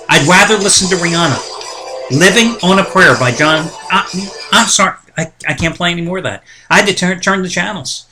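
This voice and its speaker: With music playing behind him, a high-pitched man speaks at normal speed on a betting site's daily show. He rants chattily and opinionatedly, tossing in asides, in a casual monologue as the site's host.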